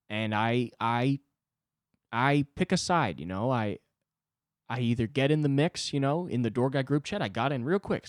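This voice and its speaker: A man in his twenties hosting a solo comedy podcast, ranting in an agitated, profane way with sudden jumps in pitch. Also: no echo, studio quality. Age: 20s. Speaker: podcast host.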